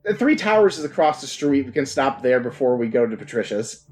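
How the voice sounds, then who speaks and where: Fast-talking joking man gamer. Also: mid-range voice, big pitch swings, a little mellow, faint music behind. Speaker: tabletop game player. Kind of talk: casual in-character play.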